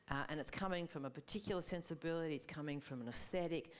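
A woman, a film director speaking thoughtfully on a live panel, searching for her words. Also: low-pitched. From Australia. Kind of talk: panel discussion. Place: live gallery panel event.

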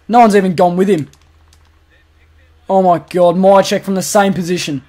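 A young Australian man calling his own football video game, jumping from quiet muttering to loud cheering when goals go in. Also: sits high, fairly even intonation, a little slow. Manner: swings from muttered asides to shouted goal calls. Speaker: gaming commentator. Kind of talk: excited play-by-play over a football video game.

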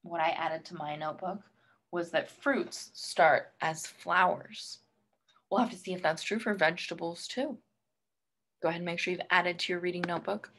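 A woman's voice: lowish voice, moderate pace, fairly bright tone. A woman teacher reading a picture book aloud to young students and coaxing them with questions about what they learned.

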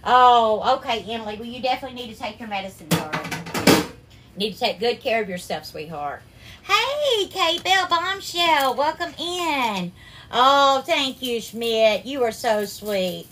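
A woman hosting a live cooking stream, warmly greeting viewers by name and calling them darling and sweetheart. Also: on the high side, very animated, unhurried, background noise. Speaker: cooking livestream host.

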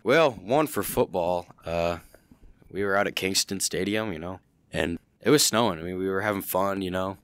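A man's voice: low voice, normal speed, a bit bright, clean tone, no room sound. A teenage boy chatting casually as a podcast guest, rambling with lots of "you know". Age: teens. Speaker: guest, wrestler and football player. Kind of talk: casual chat.

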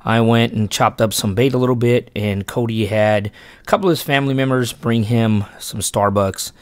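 A man's voice: medium pitch, normal speed, clean tone, no echo. A man who hosts a fishing channel tells, in casual and rambling style, how a day of fishing with his son went, often restarting and correcting himself. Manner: earnest, emphatic when praising his son. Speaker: fishing channel host and father. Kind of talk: casual storytelling vlog narration.

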